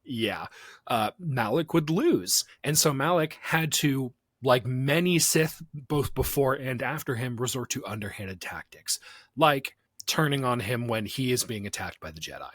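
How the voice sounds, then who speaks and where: Young man, podcast co-host, animated delivery, dry close sound. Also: medium pitch, a little slow, no room sound. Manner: animated, laughs often, slips into silly voices. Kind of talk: casual podcast chat.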